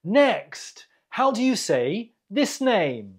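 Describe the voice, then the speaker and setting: An English teacher hosting a learners' quiz, repeating each word clearly and pausing for the listener. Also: medium pitch, very animated. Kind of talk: slow, careful quiz delivery for learners.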